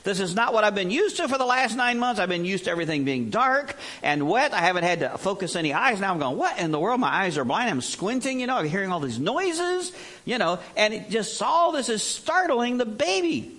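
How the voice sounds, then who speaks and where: A man's voice: sits high, sing-song, brisk, fairly bright tone, heavily acted. A man voicing a startled, fussy newborn baby, complaining fretfully. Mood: distressed.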